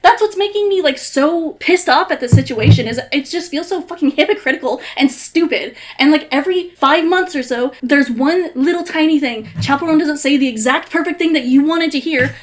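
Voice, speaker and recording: A woman's voice: high voice, fairly quick, few pauses. A woman giving an exasperated, heavily sweary rant straight to camera as a vlogger. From United States. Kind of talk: ranting commentary.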